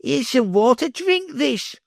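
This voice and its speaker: A man's voice: very high voice, normal speed, creaky, no echo, studio quality, voice pushed up. A man voicing a spoiled, brutish boy who bellows. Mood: bratty.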